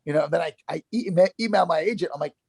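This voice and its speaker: A middle-aged man with a New York accent and a gravelly, husky voice, spinning animated stories in a casual interview. He swears freely, restarts his sentences often and keeps going without pause. The sound is dry and close. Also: fairly high pitch, dry recording. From Yonkers, New York. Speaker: actor guest.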